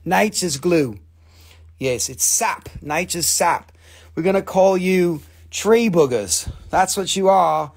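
A man's voice: high-pitched, lively intonation, slow, vocal fry, husky. A man hosting a casual live sale of stones, joking, rambling and swearing as he talks. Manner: joking, profane, rambling salesman. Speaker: live stream mineral seller. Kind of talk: casual live sales chat.

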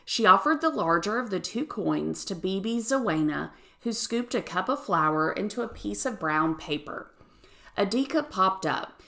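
Expressive woman teacher reading aloud. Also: mid-range voice, normal speed, creaky. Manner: expressive storytelling. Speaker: third grade teacher. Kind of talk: children's picture book read-aloud.

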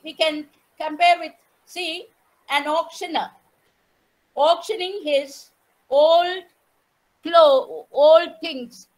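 A woman with an Indian English accent giving an online lecture, telling a story slowly and putting questions to her audience. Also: high voice, low-quality recording. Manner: measured, repeats phrases, asks the audience questions. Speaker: teacher educator giving an online talk.

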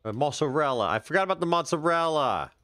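A man's voice: on the high side, expressive, fast talker, bright, forceful tone, no room sound, clean studio sound. A man casually commenting on his own gameplay on a live stream, chatting with viewers and making sarcastic asides.

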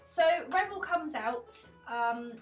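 A woman's voice: sits high, lively intonation, slow pace, faint music behind. A woman narrating as game master of a tabletop game, chatty and casual. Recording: echoey room.

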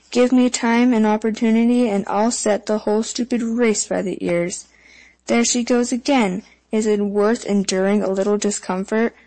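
A woman voicing a tiny, mischievous male water sprite with a shrill, gloating manner in a storybook reading. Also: warm tone, no echo, close to an everyday voice, poor audio. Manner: gloating, playful.

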